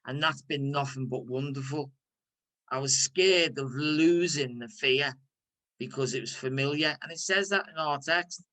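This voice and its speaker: A man's voice: medium pitch, a little slow, sharp tone, low-quality recording. A man with a Liverpool accent, leading a recovery workshop in a candid, conversational way with frequent restarts. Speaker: workshop leader.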